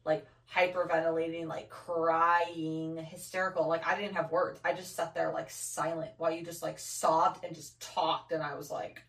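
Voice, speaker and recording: A woman co-hosting a podcast, blunt and teasing, quick to cut in during a candid chat. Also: low-pitched, level tone, fairly bright tone, reverberant, distant mic. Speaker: podcast co-host.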